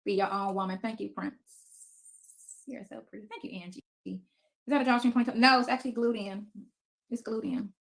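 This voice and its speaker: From her home basement, a woman in her fifties runs a casual livestream and fires back at viewers' comments with blunt, profane defiance. Her voice is fairly high and brisk, steady in tone, with vocal fry.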